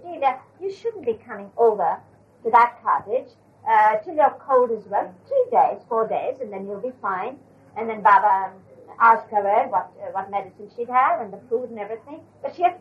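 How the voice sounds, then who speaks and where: An older woman retelling an anecdote from memory, hesitant with fillers, on a dull lo-fi recording. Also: on the high side. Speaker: storyteller.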